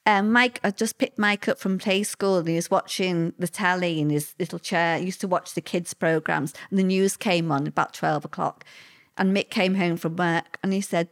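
A woman's voice: on the low side, fairly even intonation, moderate pace. A woman, answering interview questions with plain-spoken, vivid personal recollection.

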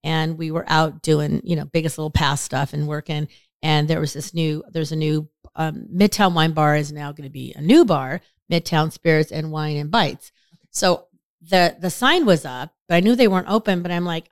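A woman co-hosts a podcast, speaking a little fast in casual chat and telling stories with lively energy. She acts out quoted lines with big jumps in pitch. The sound is clean studio quality with no room sound.

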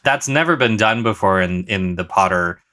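A man guesting on a podcast, chatting casually and excitedly, often restarting his sentences. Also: on the low side, normal speed.

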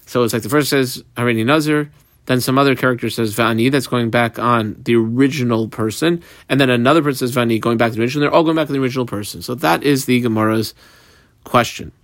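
A man of middle pitch teaches a Talmud page step by step, dropping Aramaic and Hebrew terms into his English explanations. His voice is recorded close and dry. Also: fast, dry recording. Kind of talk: page-by-page Talmud study lesson.

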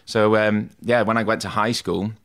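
A man's voice: lowish voice, fairly even intonation, moderate pace, a bit bright. A man, a tattoo artist, telling stories from his school days in a casual podcast interview, often saying "mate" and "like". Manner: chatty, self-deprecating, says "mate" and "like" a lot.

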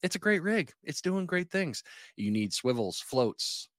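A man's voice: fairly high pitch, a little slow, no echo, studio quality. A man hosting a casual fishing podcast, reading sponsor spots and telling stories with acted-out quotes. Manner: animated storyteller, acts out quotes. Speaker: podcast host.

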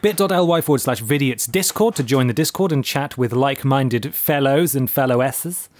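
A man's voice: mid-range voice, moderate pace, dry recording. A man hosting a casual podcast, reading out plugs and swearing offhandedly. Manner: relaxed, sweary, reads out plugs. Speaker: podcast host.

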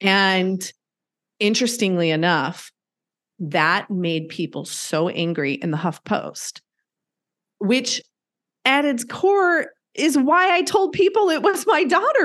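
A woman's voice: medium pitch, very animated, a little slow, a bit bright. A middle-aged woman telling a personal story in candid conversation, earnest and emphatic, acting out what people said. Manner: earnest, emphatic, acts out quotes. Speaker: guest sharing pet loss story.

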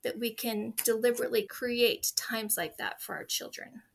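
A woman's voice: on the high side, moderate pace, creaky. A woman in her forties, a podcast guest speaking earnestly and fondly about family traditions in a conversational interview.

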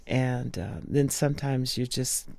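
A woman sharing personal memories of a close friend in an interview, soft-spoken and often dropping to a hush. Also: rumbling low, unhurried, vocal fry, no echo.

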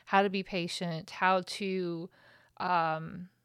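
A woman's voice: fairly low pitch, flat delivery, slow pace, a bit bright, smooth, dry recording, clean studio sound. A woman hosting a podcast, talking candidly and emotionally in a raw, venting monologue that swears freely. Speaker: podcast host.

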